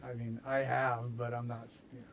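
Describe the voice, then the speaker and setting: A man's voice: medium pitch, little pitch movement, normal speed, vocal fry, a crowd in the background, low-quality recording. An American man hosting a game livestream, chatting casually and rambling, with self-mocking jokes. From United States. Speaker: streamer host. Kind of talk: casual chat while building in a game.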